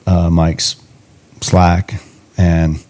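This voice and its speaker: A man's voice: deep voice, little pitch movement, drawn-out words, darkish tone. A man co-hosting a podcast, chatting casually and joking with frequent laughs. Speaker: podcast co-host. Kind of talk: casual chat. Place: indoors podcast recording.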